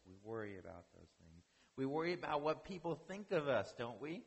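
A man's voice: medium pitch, sing-song, a little fast, vocal fry, breathy edge, long reverb tail, rough recording. A man preaching a sermon as the church's pastor, often repeating words and checking in with "right?".

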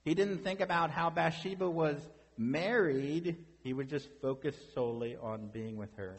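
A man's voice: mid-range voice, slightly rough, big-room sound. A man preaching a sermon as pastor, conversational and full of rhetorical questions.

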